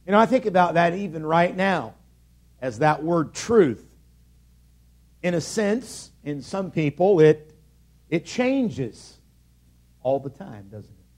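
A man's voice: on the high side, darkish tone. A male pastor preaching a sermon in a conversational way, with asides to the congregation.

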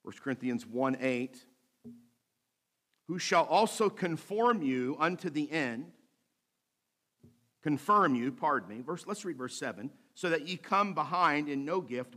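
A male pastor delivering a sermon, reading scripture slowly and adding light asides with a bit of humor. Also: a little high, expressive, pushed and bright. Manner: preaching with light humor, slows to read scripture aloud.

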